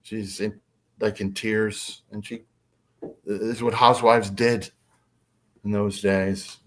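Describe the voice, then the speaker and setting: A man telling a personal story as a podcast guest, casual and animated. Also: fairly low pitch, slow. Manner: animated, acts out quotes.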